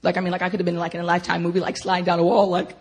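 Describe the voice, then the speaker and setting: A woman telling her personal testimony to listeners in an animated way, laughing often and speaking directly to them. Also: fairly low pitch, very fast, husky.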